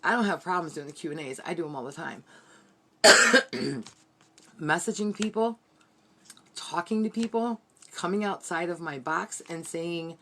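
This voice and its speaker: A woman's voice: lowish voice, unhurried, pauses often, sharp tone. A woman giving an earnest, heartfelt motivational team training from her bedroom. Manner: earnest, heartfelt, repetitive pep-talk.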